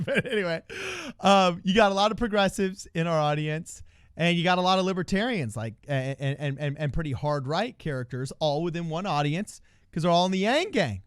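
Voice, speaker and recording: A man's voice: on the high side, dry recording, studio quality. A man co-hosting a political podcast, chatting in a laid-back, joking way. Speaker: podcast co-host. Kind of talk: casual political chat.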